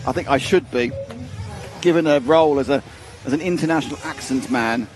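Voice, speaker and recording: A man's voice: mid-range voice, fairly quick, slight background noise. A British man co-hosting a livestream, chatting and joking with frequent laughter. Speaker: livestream co-host. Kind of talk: casual commentary chat. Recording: music playing under the voices.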